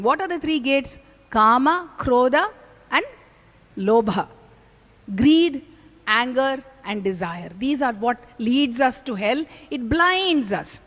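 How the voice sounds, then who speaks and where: A woman giving a storytelling spiritual discourse, animated and asking the audience questions. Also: on the high side. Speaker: spiritual speaker. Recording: long hall reverb.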